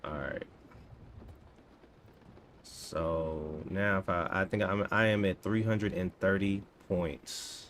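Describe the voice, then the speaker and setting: A man in his thirties casually chatting to himself and his viewers while coding, relaxed and slangy. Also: low-pitched, slight background noise. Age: 30s. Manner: laid-back, talks to himself, drawn-out slangy asides. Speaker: coding streamer. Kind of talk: casual live-stream chat while coding.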